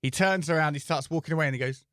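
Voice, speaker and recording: A man co-hosting a comedy podcast, telling an anecdote in a casual, animated way and acting out the people in it. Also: on the high side, racing, no echo, clean studio sound. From England. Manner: animated, acts out voices in anecdotes. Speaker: podcast co-host.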